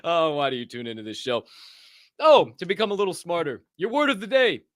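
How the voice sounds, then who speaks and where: A man's voice: a little high, very animated, fairly quick, a bit bright, no echo, clean studio sound. A man hosting a podcast, joking and swearing casually, laughing at his own bits. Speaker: podcast host. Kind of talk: casual chat.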